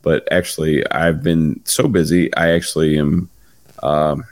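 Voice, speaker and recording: A man co-hosting a podcast, talking in a halting, laid-back way with many fillers. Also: rumbling low, little pitch movement, a little mellow, no echo. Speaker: podcast co-host. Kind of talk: casual chat.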